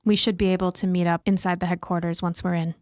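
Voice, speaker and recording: A woman's voice: fairly low pitch, level tone, fast talker, darkish tone, no room sound. A woman playing a tabletop game who describes her character's actions in a dry, matter-of-fact way. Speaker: player. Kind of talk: tabletop role-play, narrating her character.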